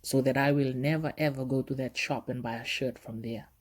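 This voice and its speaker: A man's voice: medium pitch, steady tone, brisk, voice pushed down, lightly acted. A man voicing his young daughter, who teases him bluntly. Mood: teasing. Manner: blunt, teasing. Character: cheeky young girl, blunt and teasing.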